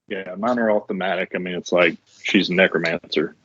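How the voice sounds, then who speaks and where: A man's voice: sits low, fairly even intonation, fairly quick, a bit bright, muffled recording. A man playing in an online tabletop game, talking in a wry, matter-of-fact way. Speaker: player. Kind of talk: casual chat between players.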